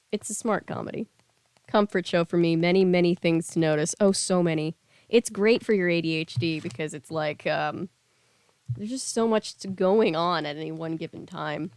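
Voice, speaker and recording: A woman's voice: lowish voice, darkish tone, smooth, no room sound. Chatty woman reading a book aloud. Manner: chatty, rambling, many fillers. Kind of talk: casual read-aloud with chatty asides.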